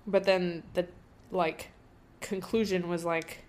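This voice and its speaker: A woman's voice: medium pitch, moderate pace. A young woman hosting a casual solo podcast, thinking aloud in a rambling way with lots of fillers. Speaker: podcast host.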